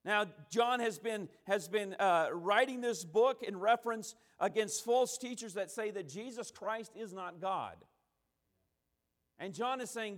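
High-voiced man preaching emphatically. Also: unhurried, fairly bright tone. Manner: emphatic, repeating and restarting phrases, acting out quotes. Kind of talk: sermon.

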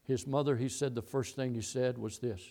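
A man's voice: medium pitch, fairly even intonation, normal speed, mellow. A middle-aged man preaching a sermon, telling a long story and repeating key phrases as he goes. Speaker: pastor.

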